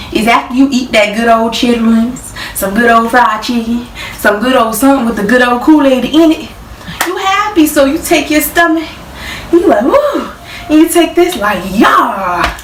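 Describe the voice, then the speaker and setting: A woman's voice: a little high, normal speed, a bit bright, distant mic, a little hiss or hum. A young woman, joking her way through playful casual explanations. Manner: goofy, playful, chatty. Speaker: vlogger. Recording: roomy sound from off mic.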